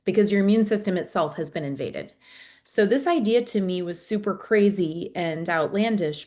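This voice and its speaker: A woman in her forties, a podcast guest, explaining earnestly in a conversational interview with frequent fillers. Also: medium pitch.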